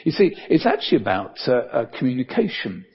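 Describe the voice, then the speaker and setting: Older preacher, husky and lively. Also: male voice, mid-range voice, fairly quick, lo-fi sound. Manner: conversational, many fillers, dips soft for emphasis. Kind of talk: sermon.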